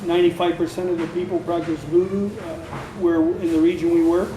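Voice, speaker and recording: A man's voice: fairly high pitch, little pitch movement, fairly quick. A man working as a missionary, speaking in an interview in an earnest, emphatic way, often repeating himself for stress. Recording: echoey room, faint noise.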